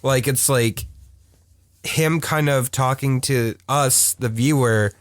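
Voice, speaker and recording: A chatty man co-hosting a podcast about cartoons, his voice mid-pitched and ordinary. He talks loosely and laughs often. The sound is dry and close. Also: takes it slowly, no echo. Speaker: podcast co-host. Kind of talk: casual chat about cartoons.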